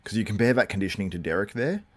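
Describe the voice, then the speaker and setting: A man with a notably deep, low voice hosts a live watchalong. He talks in a loose, rambling way, full of fillers, and keeps breaking off to answer viewers' comments. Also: animated, very fast. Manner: chatty, reacts to viewer comments. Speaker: host.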